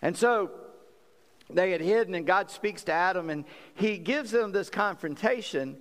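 Preacher guy, kinda high voice, folksy and chatty, big echoey hall. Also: unhurried, fairly bright tone. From South Carolina, US. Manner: folksy, conversational preaching with laughs and acted quotes. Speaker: pastor. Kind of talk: sermon. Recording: long hall reverb.

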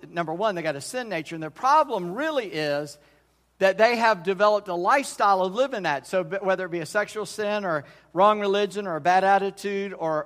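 A middle-aged pastor preaches a sermon in a church sanctuary, his voice sitting high with a slightly bright tone. His delivery is folksy and conversational, and he often restarts his sentences. A long church-hall reverb colours the recording.

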